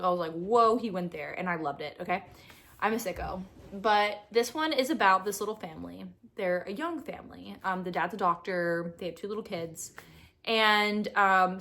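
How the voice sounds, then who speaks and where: A woman's voice: medium pitch, fairly bright tone. A young woman chatting casually about books she read, rambling and gushing with lots of fillers. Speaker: book vlogger. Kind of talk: chatty book review.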